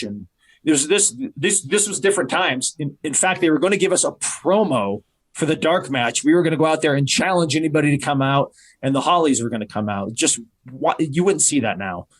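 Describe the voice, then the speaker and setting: A man in his forties, a wrestler guest on a podcast, telling a story in lively casual chat and acting out the voices of the people in it. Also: fairly high pitch, fairly quick. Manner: animated storyteller who acts out quoted voices.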